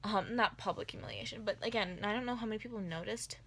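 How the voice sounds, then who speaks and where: A woman's voice: mid-range voice, quick pace, a little hiss or hum. A woman telling an embarrassing story in a casual storytime vlog, rambling with lots of filler words. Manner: rambling, filler-heavy, animated retelling.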